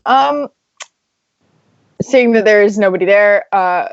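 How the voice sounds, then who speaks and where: A woman's voice: mid-range voice, slow, vocal fry, no room sound, lo-fi sound. A woman playing a tabletop game, hesitant and laughing between ums. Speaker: player. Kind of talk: casual tabletop play.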